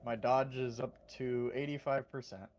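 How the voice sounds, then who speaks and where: A man's voice: mid-range voice, steady tone, normal speed, a crowd in the background. A man playing a game with friends, chatting casually with a dry, teasing manner. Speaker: co-player. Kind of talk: casual gameplay chat.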